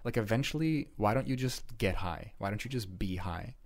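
A man's voice: lowish voice, normal speed. A man co-hosting a laid-back podcast, rambling in casual chat with lots of fillers and swearing. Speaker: podcast co-host.

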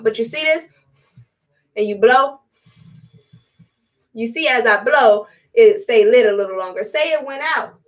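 A woman's voice: on the high side, fairly bright tone. A woman hosting a casual live-stream product demo, chatty and repetitive with blunt slang. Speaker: host selling spiritual products. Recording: voice distant from the mic.

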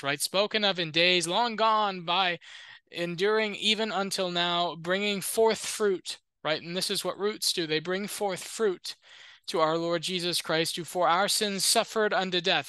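A man's voice: fairly high pitch, bright, forceful tone, clean tone, dry recording. A man teaching as a Lutheran, reading an ancient Christian letter aloud and explaining it in a discursive, informal way with joking asides. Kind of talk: reading and commenting on an ancient text.

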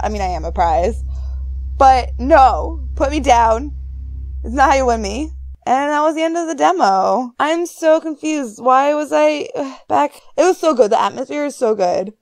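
A woman's voice: a little mellow, no echo. A young woman casually commenting as she plays a horror game, reading text aloud and joking to herself. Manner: squeals in high-pitched surprise. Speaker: gaming YouTuber. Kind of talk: let's play commentary.

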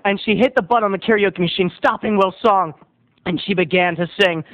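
A man's voice: sits high, a little fast. A man video blogger telling a comic story in a theatrical, flamboyant manner. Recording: tinny lo-fi phone-like sound.

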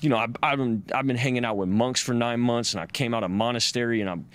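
Male podcast guest, hesitant storyteller, mid-pitched and conversational. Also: fast talker, a bit bright. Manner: rambling, hesitant, full of fillers. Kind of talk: reflective storytelling chat.

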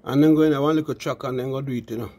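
A man's voice: medium pitch, fairly even intonation, racing, warm tone. A man with a Jamaican accent telling a story in casual patois, often adding "you know" and calling his listeners "people".

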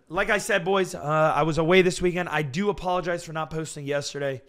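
A man talking casually and excitably to his viewers while playing online blackjack, slangy and restless. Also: a little high, normal speed. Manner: excitable, slangy, swings between hype and frustration. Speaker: gambling streamer. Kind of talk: casual hyped commentary to camera.

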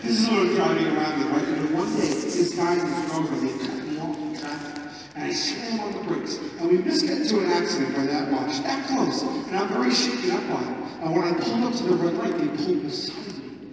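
Male comedian, fairly high voice, animated self-mocking storyteller, heard from afar in a booming arena with a crowd. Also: a little fast, a little hiss or hum. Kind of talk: live stage storytelling. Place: large arena stage. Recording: echoey arena from far off, crowd.

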